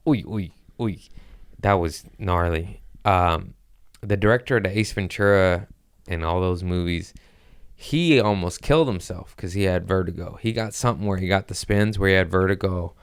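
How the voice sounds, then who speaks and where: A man's voice: sits low, normal speed, smooth, no echo, clean studio sound. A man hosting a comedy podcast, telling profane stories in casual chat and acting out what people said. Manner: profane storytelling with acted-out quotes.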